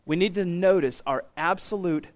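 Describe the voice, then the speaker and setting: A man in his thirties preaching a sermon as pastor, animated and getting loud when he acts out what others say. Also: sits high, normal speed.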